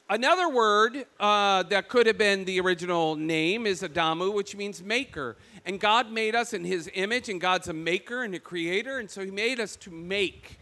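High bright-voiced Michigan preacher. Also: male voice. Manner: animated storytelling, acts out quoted voices. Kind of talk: sermon.

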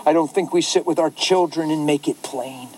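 A man who is a pastor, telling a story in an animated way, laughing often and acting out the voices of others. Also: fairly high pitch, normal speed, low-quality recording. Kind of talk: storytelling talk.

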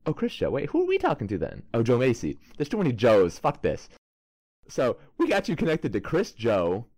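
A man's voice: medium pitch, wildly swooping pitch, moderate pace, darkish tone. A man does a swaggering tough-guy investigator with a put-on New York accent, cursing and blustering at a suspect. His voice swings widely up and down. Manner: brash, swaggering, swears a lot.

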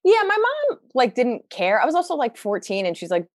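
A woman's voice: on the high side, fairly quick, no echo. Young woman comic chatting, lots of likes and you knows, dead dry mic. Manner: chatty, lots of fillers, animated quoted asides. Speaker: stand-up comedian, guest. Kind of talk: casual conversational storytelling.

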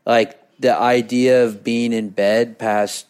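A man's voice: medium pitch, flat delivery, takes it slowly, a little mellow, clear, resonant tone. Laid-back man with dry humor. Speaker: podcast co-host. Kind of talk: casual couple chat.

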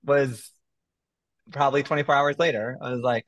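A man's voice: medium pitch, moderate pace, muffled recording. A man being interviewed about writing his first book, telling the story with frequent laughter. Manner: laughs often, animated storytelling. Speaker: author guest. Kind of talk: casual interview conversation.

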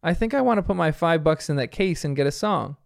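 A man's voice: on the high side, lively intonation, quick pace, creaky, no room sound, clean studio sound. A man reading out the lines of a regretful little girl puppy from a cartoon, in his own voice. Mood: doubtful. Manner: read out plainly while recapping.

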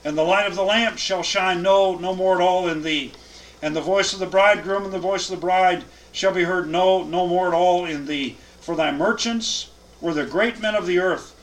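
A man's voice: sits high, fairly bright tone, slight background noise, low-quality recording. A man teaching a Bible class, reading scripture aloud with emphatic cadence and then explaining it.

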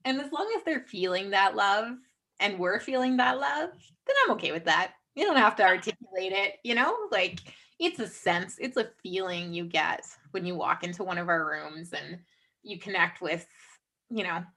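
Bright, heartfelt woman chatting. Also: mid-range voice, animated, normal speed. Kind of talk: casual chat.

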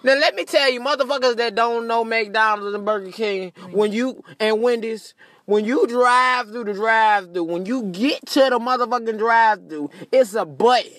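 A man with a notably high voice and a bright, sharp edge rants in a comic monologue. He speaks, cussing freely and laughing at his own jokes. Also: normal speed, no echo. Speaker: comedian. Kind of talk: stand-up style comedic rant.

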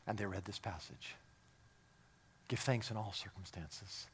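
Speaking a little slowly in a low voice with a breathy edge, a pastor recounts stories softly in his sermon. He then works up to loud, emphatic exhortation, repeating words.

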